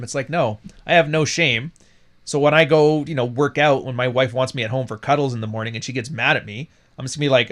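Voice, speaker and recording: Male podcast host, mid-pitched voice, blunt and profane, quick to laugh. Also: fairly bright tone. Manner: blunt and profane, laughing at his own jokes. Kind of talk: casual livestream talk.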